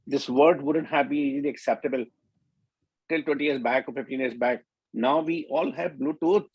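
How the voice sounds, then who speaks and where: An older man with an Indian English accent gives an emphatic, explanatory talk on a conference panel. His voice is husky and slightly breathy, set at a middle pitch. The sound is dry and close. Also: moderate pace, no echo, dull audio. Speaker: doctor speaking on a panel.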